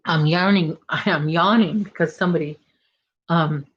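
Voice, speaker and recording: A woman's voice: low voice, steady tone, moderate pace, dull audio. Chatty middle-aged woman hosting a live stream. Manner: chatty, rambling, self-correcting. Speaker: crochet channel host. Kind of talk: casual live-stream chat reading comments.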